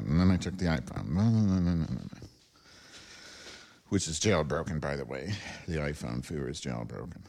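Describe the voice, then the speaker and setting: A man with a very low, dark, mellow voice rambles through a solo podcast from home. He swears freely and mocks himself, jumping from one gripe to the next. The sound is close and direct from a clip-on wireless mic. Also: gravelly. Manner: profane, self-deprecating, rambling. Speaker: podcast host. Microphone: wireless lavalier transmitter.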